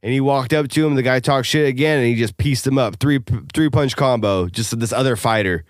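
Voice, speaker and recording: A man's voice: medium pitch, brisk, dry recording, studio quality. A man co-hosting a podcast, talking casually and profanely, rambling through a story with lots of fillers. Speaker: podcast co-host. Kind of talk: casual chat.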